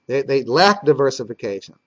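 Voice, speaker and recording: A man's voice: mid-range voice, big pitch swings, a little fast. Man lecturing history, muffled recording. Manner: conversational, with frequent restarts and emphatic repeats. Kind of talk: classroom lecture. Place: classroom.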